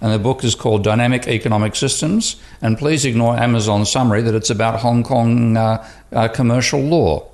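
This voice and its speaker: A man's voice: medium pitch, a little fast, darkish tone. A man, a professor who is a guest on a podcast, talking casually and telling anecdotes, with many restarts.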